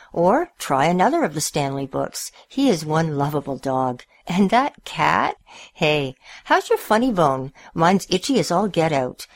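A woman hosts a small radio show and reads a children's story aloud. Her voice sits low but swings widely as she tells it, and the sound is close and dry. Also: dry recording. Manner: expressive storyteller, gentle and warm. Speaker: radio host reading stories. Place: community radio studio.

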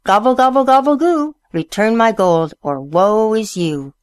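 A woman voicing an angry male turkey who chants his demands in a high sing-song. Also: big pitch swings, unhurried, no room sound, studio quality. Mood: chanting.

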